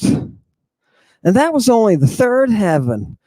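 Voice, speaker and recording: Flamboyant guy lecturing, higher voice, slow and drawn out, dry close sound. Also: lively intonation, no room sound. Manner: flamboyant, teasing, shifts between hushed and shouting. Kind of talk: theatrical livestream lecture.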